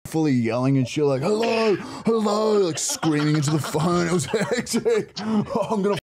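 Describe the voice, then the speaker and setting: A man's voice: a little high, fairly quick, a crowd in the background, pitched above the performer's own voice, natural voice. A man with an Australian accent playing a nervous young man on a prank phone call to a dating match, rambling and swearing. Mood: flustered. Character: nervous young man named Luke calling a Tinder match. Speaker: podcast co-host.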